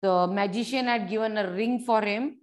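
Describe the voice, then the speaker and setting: A woman's voice: mid-range voice, moderate pace. A woman teacher, reading a story aloud to young children and explaining each word simply. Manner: repeats and explains words simply, addresses children directly.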